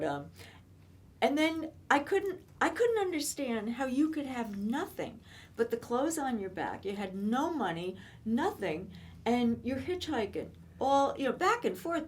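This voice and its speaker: A woman in her seventies reminiscing in casual chat, telling lively stories and laughing often. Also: mid-range voice, slight background noise. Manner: animated storytelling, laughs often. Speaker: co-host.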